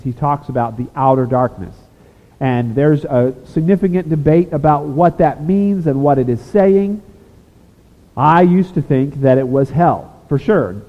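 Guy preaching a sermon, earnest, gets loud then goes quiet and confessional, tinny phone sound, echoey hall. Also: a little high. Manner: earnest, rising to emphatic then dropping to a hushed confession. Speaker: pastor.

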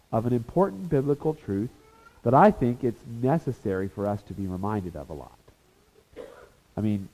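A man teaching a Bible lesson as a sermon, animated and acting out the voices of people in the story. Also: fairly low pitch. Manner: animated, acts out voices of the disciples and Jesus. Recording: reverberant hall.

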